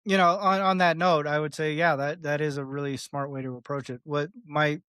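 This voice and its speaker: A guest on a podcast, a man with a somewhat high voice who talks at length in a loose, animated way. He acts out little dialogues, laughs often and swears freely. The recording is close and dry, with no room echo. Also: brisk, smooth. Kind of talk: casual interview talk.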